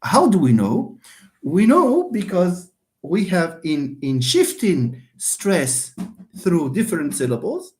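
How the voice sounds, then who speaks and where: A linguistics lecturer with a lively pitch gives a slow live online lecture on phonetics. He repeats his points, poses questions and answers them himself, and greets viewers by name as if they were friends.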